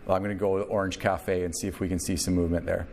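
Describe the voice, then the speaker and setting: A man preaching a sermon, telling a story with lively acted-out quotes. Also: deep voice, rapid-fire. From Canada. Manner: animated storyteller, acts out quotes. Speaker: pastor.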